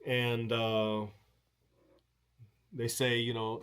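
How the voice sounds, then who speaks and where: A man with a somewhat high voice tells a loose, rambling story in an unscripted conversation. He swears casually and is blunt, stumbling through fillers and restarts as he goes. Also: moderate pace, a bit bright. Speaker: show host.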